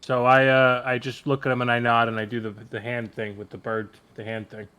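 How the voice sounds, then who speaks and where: A man's voice: mid-range voice, completely flat delivery, a little fast, bright, forceful tone, slight background noise. A man playing a tabletop game, joking crudely and chatting casually. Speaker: player. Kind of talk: casual chat.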